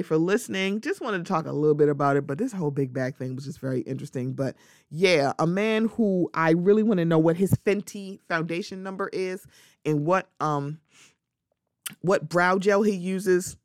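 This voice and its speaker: Animated woman podcast host, dry sound. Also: lowish voice, no echo. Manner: animated, conversational, acts out quoted exchanges. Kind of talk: solo podcast commentary.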